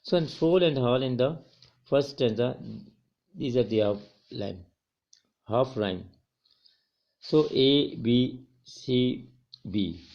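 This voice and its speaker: A man's voice: medium pitch, slow pace, pauses often, darkish tone, lo-fi sound. A male college English teacher giving a recorded poetry lecture to students, often repeating and correcting his words as he explains.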